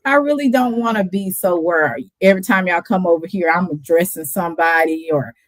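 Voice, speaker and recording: Laid-back woman streamer, low voice. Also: a little fast, dry recording. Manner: laid-back, chatty, laughs often. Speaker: livestream host. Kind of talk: casual livestream chat.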